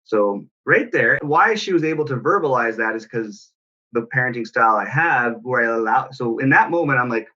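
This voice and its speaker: A man's voice: mid-range voice, lively intonation, normal speed, pushed and bright, muffled recording. A man, a parenting coach, telling a personal story in an earnest, reflective way. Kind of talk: personal story in casual talk.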